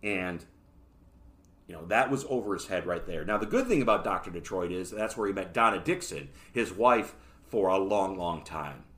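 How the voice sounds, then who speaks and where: A man's voice: sits low, lively intonation, moderate pace, a bit bright. A man hosting a solo podcast, reviewing a book in a casual, rambling way with joking asides. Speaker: podcast host.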